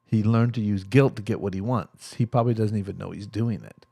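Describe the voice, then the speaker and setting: A man's voice: on the low side, fairly quick, creaky, warm tone, breathy edge, no echo, clean studio sound. A man being interviewed as a therapist, telling stories animatedly and acting out the voices of the people in them. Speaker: guest, therapist. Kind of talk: storytelling interview talk.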